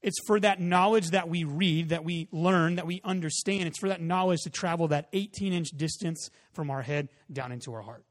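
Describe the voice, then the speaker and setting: Pastor guy in his 30s giving a sermon, kinda high voice, chatty, punches up then goes quiet. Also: normal speed, hardly any pauses. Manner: conversational preaching, rising emphatic peaks, soft drop-offs.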